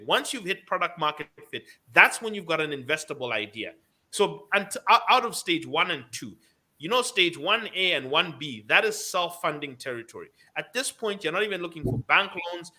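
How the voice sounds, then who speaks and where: A man's voice: fairly high pitch, pushed and bright. A man hosting a radio business show, giving emphatic advice and repeating his key points. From Zambia.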